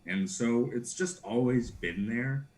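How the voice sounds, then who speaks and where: A man's voice: mid-range voice, slow pace, a little mellow. A young man, a guest actor, chatting casually and playfully on a live stream, giggling and dropping into silly accents.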